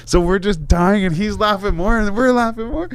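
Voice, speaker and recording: A man hosting a podcast, telling a wild story in a casual, animated way with lots of swearing and laughter. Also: sits high, normal speed, clear, resonant tone, dry recording. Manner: animated, laughing, swears a lot, acts out voices. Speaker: podcast host.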